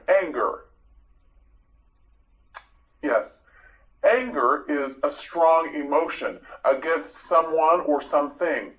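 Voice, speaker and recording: A man teaching English vocabulary in a slow, repetitive drill, with clear, deliberate pronunciation. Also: on the high side, a bit bright, rough recording.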